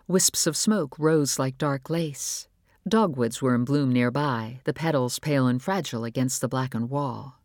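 In clean studio sound with no echo, a man with a mid-range voice narrates a novel as an audiobook reader. The scripted delivery stays measured and even, like steady storytelling.

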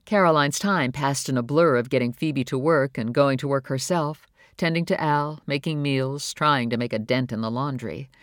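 An audiobook narrator reading a novel in a measured, even storytelling voice on a close studio mic. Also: medium pitch, no room sound. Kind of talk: scripted narration.

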